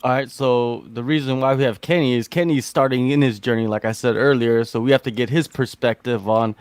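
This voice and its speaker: A man's voice: medium pitch, fairly even intonation, a little fast, darkish tone, clean tone, no room sound. A man with an American accent hosting a casual podcast chat, asking rambling, filler-heavy questions. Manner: laid-back, rambling questions with many fillers. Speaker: podcast host.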